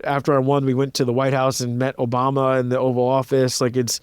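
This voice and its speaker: A man's voice: medium pitch, completely flat delivery, fast talker, clear, resonant tone, no echo. A man in his thirties, a composer and pianist being interviewed, telling stories in a casual, reflective way and filling his speech with "like". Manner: casual, reflective, many "like" fillers, acts out quoted voices. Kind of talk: relaxed interview storytelling.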